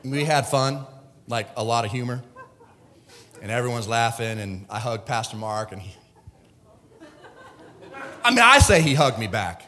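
A middle-aged man preaching a sermon at the pulpit, emotional, swinging from shouts to hushed asides. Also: mid-range voice, animated, measured pace, pauses often, in a large hall. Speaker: pastor. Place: church sanctuary.

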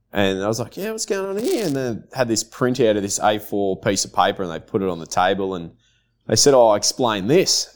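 Male guest, low voice, relaxed storyteller who laughs along. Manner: laid-back, laughs through his stories. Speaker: podcast guest. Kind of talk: casual chat.

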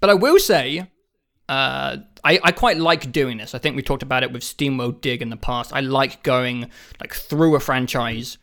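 A man with the sniffles co-hosts a podcast, chatting casually about games at a moderate pace. His medium-pitched voice is a little bright, and he swears freely and laughs his way through his stories.

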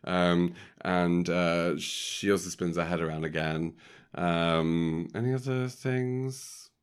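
A deep-voiced man chats casually as a podcast co-host. He rambles and jokes, filling gaps with plenty of ums. His voice is smooth and clear. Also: slow. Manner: rambling, filler-heavy, jokey. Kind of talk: casual chat recapping a film.

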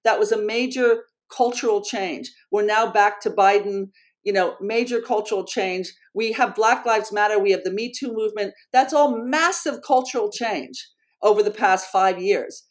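A middle-aged woman, a researcher and author, tells a story as a guest in an interview. Her mid-range voice moves at a moderate pace, earnest and animated, and she often restarts her sentences.

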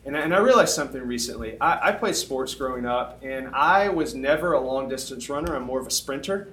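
A middle-aged man preaching as a youth pastor, animated and conversational, often checking in with "okay?". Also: mid-range voice, a little fast. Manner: animated, conversational, self-deprecating, frequent "okay?". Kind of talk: sermon. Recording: echoey room.

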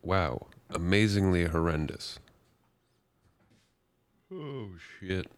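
Man, deep voice, dry close sound, crude storytelling, frequent laughs. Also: lively intonation, drawn-out words, no room sound. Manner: crude, laughs often at his own stories. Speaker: podcast co-host. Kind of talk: casual chat.

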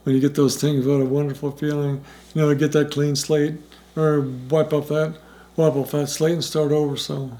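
A man's voice: a little high, little pitch movement, normal speed, warm tone. A middle-aged man telling a personal recovery story in a rambling way, full of restarts and acted-out dialogue. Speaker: interviewee in recovery.

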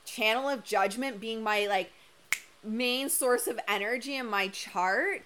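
A woman's voice: a little high, unhurried, fairly bright tone, slight background noise. Candid, emphatic woman coach, voice worn. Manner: candid and emphatic, with casual swearing. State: losing her voice. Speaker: human design coach. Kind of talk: live-stream monologue.

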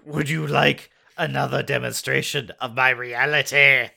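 A man's voice: mid-range voice, fairly even intonation, a little slow, vocal fry, sharp tone, full character voice. A man voicing a menacing male alien kidnapper in a hollow, mechanical manner while reading a storybook aloud.

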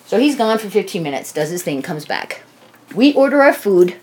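A woman's voice: medium pitch, big pitch swings, normal speed, a little mellow. A woman telling a casual personal story, rambling and swearing freely, acting out quoted dialogue as she goes.

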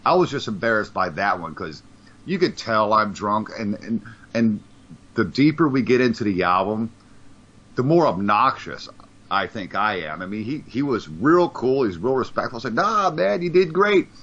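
Lively, bright-voiced man chatting on a podcast. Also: fairly low pitch, normal speed. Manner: rambling, swears, repeats words. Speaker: podcast co-host. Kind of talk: casual podcast chat. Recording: dull lo-fi sound.

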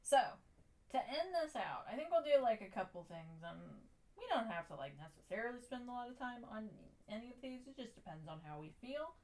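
A woman co-hosting a podcast in casual chat, relaxed and full of "like" fillers, steering the talk along. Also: on the high side, fairly quick. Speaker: podcast co-host.

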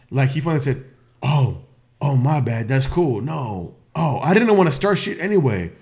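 A tipsy man on a podcast, telling a story in casual chat with loud laughs and swearing. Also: mid-range voice, animated, moderate pace. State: tipsy from drinking. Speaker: podcast co-host.

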